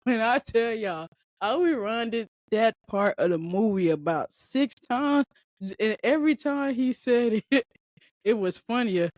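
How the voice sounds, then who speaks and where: Speaking a little slowly, a woman with a slightly high voice and lively intonation hosts a podcast. She rambles through a casual story, talking straight to her audience, and the studio recording is clean with no room sound.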